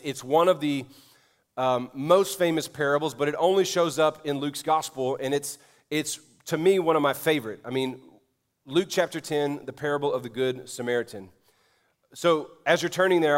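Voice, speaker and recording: A middle-aged male pastor preaching a sermon, telling a story and then building to loud, emphatic preaching. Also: medium pitch.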